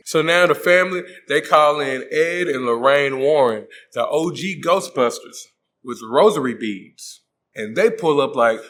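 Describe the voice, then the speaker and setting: A man's voice: mid-range voice, animated, a little slow, a bit bright. A man hosting a comedic movie recap, joking in slang and acting out the characters' voices. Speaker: host.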